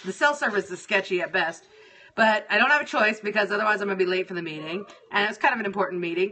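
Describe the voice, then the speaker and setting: A woman's voice: on the low side, pushed and bright, slight background noise. A woman hosting a show, telling a story about her day in a casual, profane, exasperated way. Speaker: radio show host.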